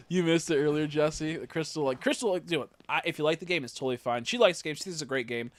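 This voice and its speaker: A man's voice: fairly high pitch, fast. Young male streamer, casual crude banter, loose rambling delivery. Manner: crude, joking, rambling with profanity. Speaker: game streamer.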